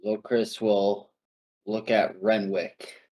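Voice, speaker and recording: A man playing a tabletop game on a voice call, describing his character's actions in a slow, drawn-out way. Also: on the low side, little pitch movement, darkish tone. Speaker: player.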